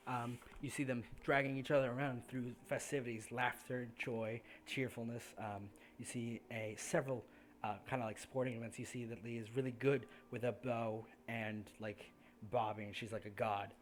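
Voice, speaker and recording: A man's voice: medium pitch, steady tone, moderate pace. A man narrating as game master in a casual, filler-heavy way, laughing at his own slips. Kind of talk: narrating a tabletop game over voice chat.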